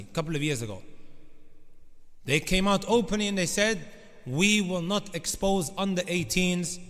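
Higher-voiced male preacher in a reverberant hall. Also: fairly bright tone. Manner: emphatic, repeats direct addresses to the congregation. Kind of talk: sermon. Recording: long reverb of a large hall.

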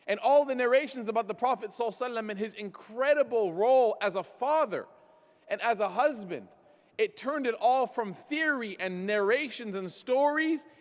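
A man with a notably high voice preaches to a gathered audience, weaving personal stories and wry jokes at his own expense into his message. His words ring out with a long, lingering reverb from a large hall. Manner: storytelling with self-deprecating jokes. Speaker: speaker. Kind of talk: religious talk at a gathering.

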